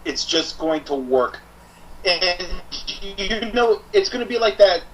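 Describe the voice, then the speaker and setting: Excitable high-voiced podcast man. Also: slow pace, slight background noise, poor audio. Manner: excitable, acts out imagined promos in put-on voices. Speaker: podcast co-host. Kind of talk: casual wrestling chat.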